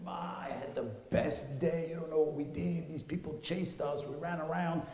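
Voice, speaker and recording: An eager little boy bursts out with one exclamation after another, as a man puts him on. The voice is pitched well up and mellow in tone. It sits in a roomy hall with a long tail of reverb. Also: fairly even intonation, moderate pace, natural voice. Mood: excited. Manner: eager, tumbling run of exclamations. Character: young boy, thrilled by rough street play.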